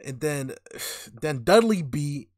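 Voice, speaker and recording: A man's voice: on the high side, lively intonation, slow pace, no room sound. A man co-hosting a casual podcast, swearing a lot, joking and laughing as he recaps a show. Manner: crude, laughing, roasting. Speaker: podcast co-host. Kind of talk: casual chat.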